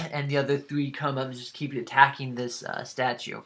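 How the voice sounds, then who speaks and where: A man narrating as dungeon master, halting with many fillers. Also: medium pitch, flat delivery, fairly bright tone. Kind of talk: narrating a tabletop game.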